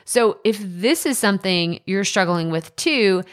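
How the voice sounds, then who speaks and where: A woman's voice: mid-range voice, lively intonation. Chatty East Texas woman podcaster. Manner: chatty, self-deprecating, quick restarts and asides. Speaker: podcast host and coach. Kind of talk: casual solo podcast talk. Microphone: podcast microphone.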